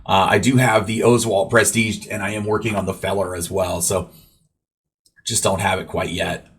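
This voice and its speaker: A man's voice: sits low, flat delivery, moderate pace, a bit bright, husky. A man casually narrating his own baseball video game match, rambling play-by-play full of fillers and asides to viewers. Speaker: gaming YouTuber. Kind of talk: gameplay commentary.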